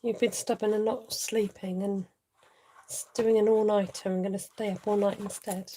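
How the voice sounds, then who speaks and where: A woman's voice: medium pitch, level tone, normal speed, mellow, slight background noise. A woman hosting a casual live craft tutorial, thinking aloud as she works and chatting to viewers.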